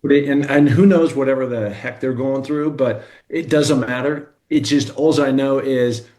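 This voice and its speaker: A man's voice: medium pitch, fairly even intonation, a little slow, a little mellow. A man from Seattle, a former football player, chatting as a radio guest in a rambling, storytelling way. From Seattle, Washington. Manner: rambling storyteller, many restarts and asides. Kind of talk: casual radio chat.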